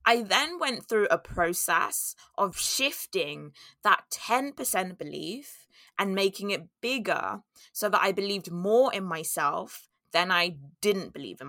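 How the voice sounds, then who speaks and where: A woman's voice: on the low side, sharp tone, no echo, studio quality. A young woman telling a candid, reflective personal story in a monologue, now and then acting out her own inner voice.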